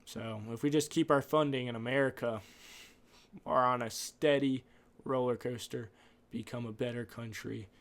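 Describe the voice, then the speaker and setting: A man's voice: mid-range voice, steady tone, moderate pace. A man hosting a podcast, rambling off script through an opinionated casual monologue. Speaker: podcast host.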